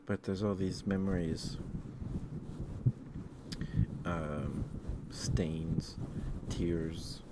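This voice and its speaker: A man rambles in a soft-spoken ASMR style, with a very low voice. He pauses often and fills the gaps with hesitant fillers. A steady hiss sits under the recording. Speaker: streamer.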